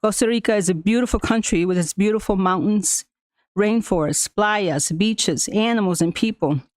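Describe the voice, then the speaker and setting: Halting woman speaker, native Spanish speaker. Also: medium pitch, dry recording, studio quality. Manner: halting, with frequent fillers and restarts; laughs often while telling a story. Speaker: school staff member addressing the board. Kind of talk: personal account at a public meeting.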